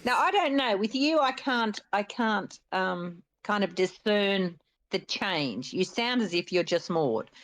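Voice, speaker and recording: A woman's voice: mid-range voice, expressive, unhurried, fairly bright tone. An older Australian woman chatting as a guest, speaking hesitantly and thoughtfully. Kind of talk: casual chat.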